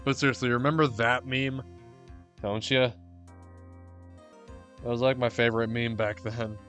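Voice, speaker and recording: Guy streamer rambling off topic, bright voice, faint music behind. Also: medium pitch, level tone, unhurried. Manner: rambling and offhand. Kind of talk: casual gameplay commentary.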